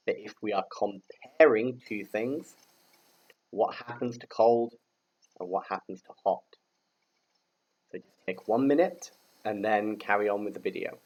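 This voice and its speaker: A British man with a fairly low voice runs a patient English grammar class, speaking slowly and clearly, spelling letters aloud, and giving words for students to repeat. The recording sounds muffled.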